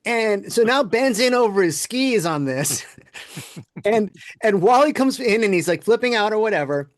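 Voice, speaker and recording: A man on a podcast telling a lively workplace anecdote in a casual, animated way, often quoting people and laughing. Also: high voice, moderate pace, no room sound, clean studio sound. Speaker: podcast guest, former game producer. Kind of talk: casual storytelling.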